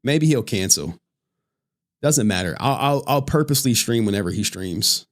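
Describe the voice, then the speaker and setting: A man's voice: fairly low pitch, lively intonation, normal speed. A man hosting a livestream, chatting casually with plenty of profanity and frequent laughter. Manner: joking, profane, laughs often. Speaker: livestream host.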